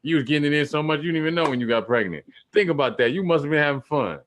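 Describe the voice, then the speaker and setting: A man's voice: fairly high pitch, expressive, very fast, fairly bright tone, a little hiss or hum. A man teaching about spirituality in a loose, slangy, preachy way, repeating points for emphasis. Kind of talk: casual spiritual teaching talk.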